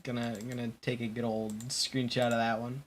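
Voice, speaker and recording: A man's voice: mid-range voice, level tone, normal speed, a little hiss or hum. A young man hosting a casual chat stream, rambling and joking, often breaking into laughter. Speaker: stream host.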